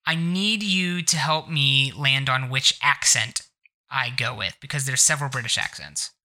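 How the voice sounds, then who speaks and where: A podcast co-host with a medium-pitched, sharp-toned voice chats casually at a moderate pace. He rambles, giggles, and leans heavily on fillers.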